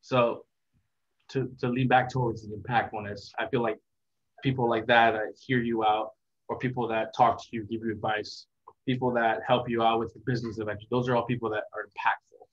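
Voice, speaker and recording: A young man giving a casual interview as a content creator, talking in a relaxed, rambling, reflective way. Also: medium pitch, brisk. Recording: dull lo-fi sound.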